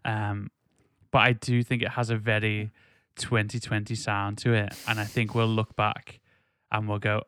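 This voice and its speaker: A man co-hosting a podcast chats casually about an album, with lots of fillers and restarts. His medium-pitched voice is steady, clear, resonant, and fairly bright at a moderate pace, captured as clean studio sound with no echo.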